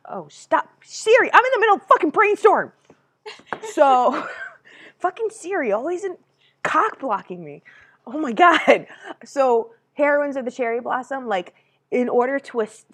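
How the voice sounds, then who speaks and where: A woman co-hosting a casual stream. She rambles in an animated way, swears freely and laughs often. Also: mid-range voice. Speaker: streamer co-host.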